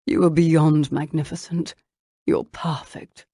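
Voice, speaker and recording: A woman's voice: level tone, slow, warm tone, slightly rough, no echo, clean studio sound, exaggerated voice. A woman voicing a teasing young nobleman. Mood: murmuring. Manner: teasing, low murmuring delivery. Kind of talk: audiobook character voicing.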